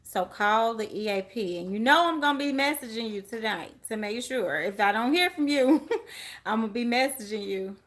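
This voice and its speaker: A chatty woman runs a live tarot reading and talks to her viewers by name. Her voice sits a little high, and she laughs easily as she rambles between cards. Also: expressive, moderate pace, a bit bright. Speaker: tarot reader.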